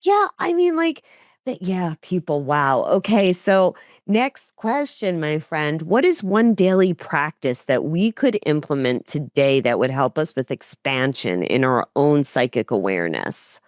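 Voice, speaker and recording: A woman's voice: sits low, big pitch swings, unhurried, dry recording, clean studio sound. A woman hosting an interview, speaking casually and reflectively with frequent fillers. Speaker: host.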